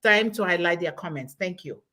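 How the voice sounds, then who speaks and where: A woman in her forties hosting a live online webinar, thanking people and reading out audience comments slowly and effusively over a computer mic. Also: lowish voice, animated, fairly bright tone.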